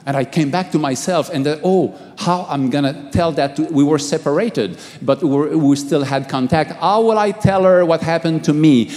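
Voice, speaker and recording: Middle-aged pastor guy telling his story, kinda high voice, stumbles and repeats, hall echo. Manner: halting, repeats words, swings from hushed to raised. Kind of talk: testimony sermon. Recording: long hall reverb.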